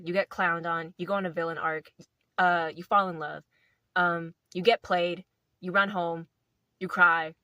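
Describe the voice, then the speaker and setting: A woman's voice: fairly low pitch, bright, forceful tone, no echo. A young woman casually telling a playful story to camera, rambling with lots of filler words. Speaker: video host.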